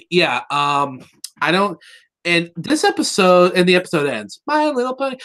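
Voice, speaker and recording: A man co-hosting a podcast, excitedly retelling a cartoon episode in casual chat, rambling and swearing and slipping into quick voices for the characters. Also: fairly high pitch.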